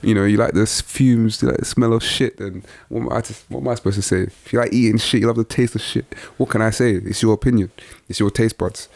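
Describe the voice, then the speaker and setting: A man's voice: lowish voice, fairly even intonation, quick pace, creaky, hardly any pauses, a little mellow. A young man co-hosting a football podcast, blunt and teasing, swearing freely in casual chat. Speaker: podcast co-host.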